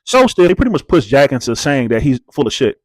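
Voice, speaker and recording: A man's voice: medium pitch, sing-song, quick pace, no echo. A man hosting a reality TV recap channel, talking casually and bluntly with slang, swearing and rhetorical questions.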